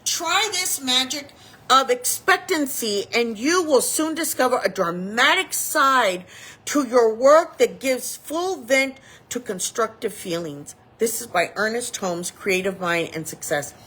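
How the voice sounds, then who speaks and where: A woman chaplain in her fifties delivers a sermon in a high, bright voice. Her pitch leaps up and down as she talks. She preaches with animation and acts out the people she quotes. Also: animated, measured pace, low-quality recording. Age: 50s.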